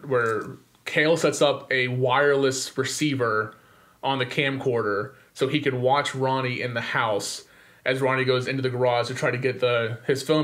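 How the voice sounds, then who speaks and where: A young podcast co-host recaps a movie plot in an easygoing chat, speaking at an ordinary middle pitch. His animated retelling is full of "like" and "um," and he often slips into quick acted-out lines of dialogue.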